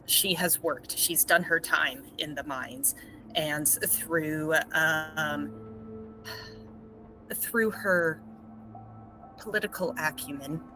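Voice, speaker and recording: A woman's voice: low-pitched, drawn-out words, pauses often, over music, low-quality recording. A woman player describing her character in a tabletop game, hesitant with sighs and fillers.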